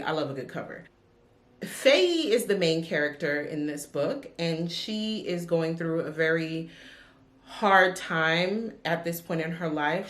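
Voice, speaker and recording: A woman chatting casually about books she has read, sassy and animated, with big swings in her voice. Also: lowish voice. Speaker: book vlogger. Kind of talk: casual book review chat. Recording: echoey room.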